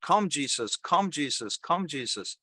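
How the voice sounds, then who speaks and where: A man's voice: mid-range voice, slow, fairly bright tone, dry recording. A man doing a cheeky chanting parrot. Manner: repetitive chanting, then dry retort. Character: cheeky pet parrot with a punchline.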